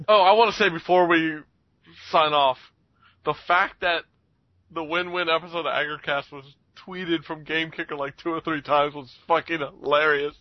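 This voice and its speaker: A man's voice: on the high side, fairly even intonation, normal speed, no room sound. A man co-hosting a podcast, chatting casually, joking and swearing. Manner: joking, profane, laughing often. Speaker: podcast co-host. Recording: dry, muffled podcast recording.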